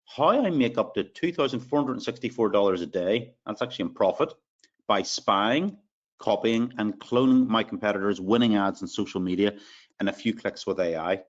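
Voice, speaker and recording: A man's voice: lowish voice, normal speed, lo-fi sound. A man with an Irish accent hosting a live sales webinar, upbeat as he reads out attendees' names. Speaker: webinar host.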